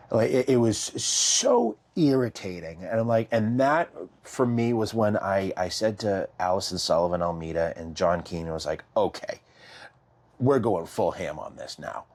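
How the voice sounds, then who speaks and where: Husky, low-voiced man telling a story. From Massachusetts. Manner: animated, repeats and restarts, acts out quotes. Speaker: guest, survivor advocate. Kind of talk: storytelling in a podcast interview.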